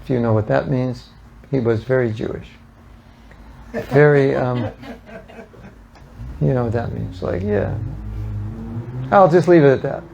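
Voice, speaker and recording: Older man, gravelly voice, mid pitch, lively storyteller, talks to a gathering, animated quoting. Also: unhurried, long pauses, muffled recording, slight background noise. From United States. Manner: animated storyteller, acting out quotes with laughs. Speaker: speaker at a devotional gathering. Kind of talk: storytelling talk to an audience.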